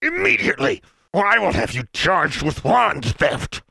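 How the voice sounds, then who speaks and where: Blustering, pompous bearded giant of a man, shouting high and wild, as the reader puts him on, dry close sound. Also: wildly swooping pitch, moderate pace, creaky, breathy edge, no echo, full character voice. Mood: bellowing rage. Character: huge pompous bearded man, furious official.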